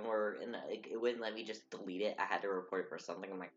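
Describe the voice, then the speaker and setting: A man streaming while drawing, telling stories in an animated way, swearing and a little drunk. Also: mid-range voice, fast, hardly any pauses. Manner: animated, swearing, laughing storyteller. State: tipsy from drinking. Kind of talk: casual chat while drawing. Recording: dull lo-fi stream audio with faint music.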